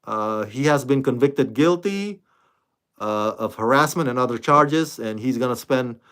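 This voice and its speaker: A man hosting his own online reaction channel, talking casually to camera in a loose, animated way, with lots of fillers and restarts. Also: mid-range voice, a little slow. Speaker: YouTube reaction host.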